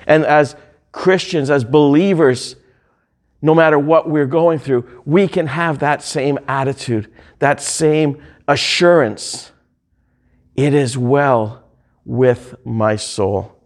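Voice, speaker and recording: A man preaching a sermon, reading hymn lyrics and scripture aloud in slow, drawn-out phrases. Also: a little high.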